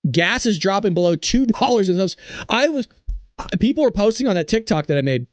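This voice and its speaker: A man in his thirties hosting a casual political commentary show, excitable and hyped up, laughing often and teasing his chat. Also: high voice, fairly quick, dry recording. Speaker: show host.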